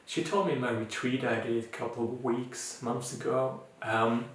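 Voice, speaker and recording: Mindfulness teacher, male, non-native English speaker, gentle and halting, recorded far off in an echoey room. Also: medium pitch, steady tone. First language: not English. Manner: gentle, searching, with many fillers and restarts. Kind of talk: informal recorded talk.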